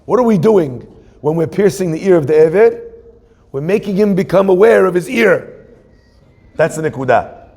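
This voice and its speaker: A man's voice: high voice, expressive, moderate pace, long pauses, a little mellow. A man in his forties, a rabbi, giving a joking, conversational sermon and asking the audience questions. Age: 40s. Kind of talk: humorous sermon. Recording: long hall reverb.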